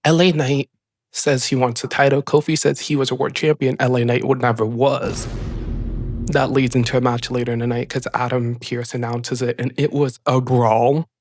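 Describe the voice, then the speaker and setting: A man hosting a casual recap show, talking in an excited, rambling way full of "like" fillers. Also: mid-range voice, normal speed. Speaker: show host. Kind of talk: casual wrestling episode recap.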